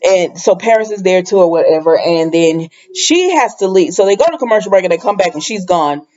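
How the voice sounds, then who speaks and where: A woman's voice: lowish voice, lively intonation, brisk, a little mellow, muffled recording. A woman casually recapping a soap opera episode in a chatty, loose way, full of fillers and asides.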